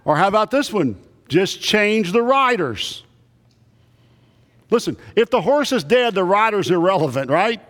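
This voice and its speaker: Guy preaching, folksy and funny, high voice, long echo like a big church. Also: big pitch swings, measured pace, a bit bright. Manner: folksy storytelling with humor. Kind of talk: sermon. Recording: long reverb of a big hall.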